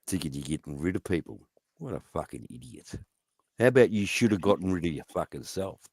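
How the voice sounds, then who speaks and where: A man's voice: sits low, lively intonation, fairly quick, darkish tone, breathy edge, no room sound. A man in a profane, taunting rant, firing goading questions at someone. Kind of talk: angry rant.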